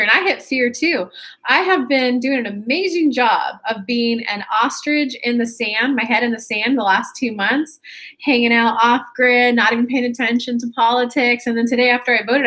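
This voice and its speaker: Woman, livestream host, upbeat and talkative, a bit high, webcam mic. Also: a bit bright. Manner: chatty, upbeat, with laughs and self-corrections. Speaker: spiritual channeler hosting a livestream. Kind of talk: casual livestream talk to viewers.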